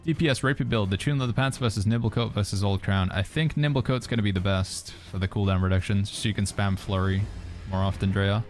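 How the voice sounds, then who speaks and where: A man with a fairly low voice talks in a loose, relaxed way while he plays a game live, answering questions from his chat. He speaks over faint background music. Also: fast talker, hardly any pauses. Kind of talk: casual gaming commentary.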